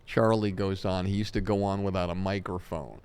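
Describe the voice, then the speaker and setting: Speaking fairly quickly in a deep, clean voice, this man, a comedy talent manager, tells long anecdotes during an interview. He gets animated and performs what others said.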